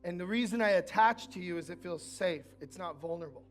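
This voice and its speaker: A man preaching a sermon in a church, earnest and personal, dropping from loud lines to quiet, intimate asides. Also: high voice, a little fast, faint music behind. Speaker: pastor.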